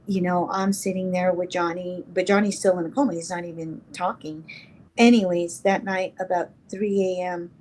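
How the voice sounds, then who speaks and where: A middle-aged woman from New Mexico, a guest in an interview, telling a personal story in a halting, emotional way and acting out the dialogue. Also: lowish voice, a little mellow, rough recording.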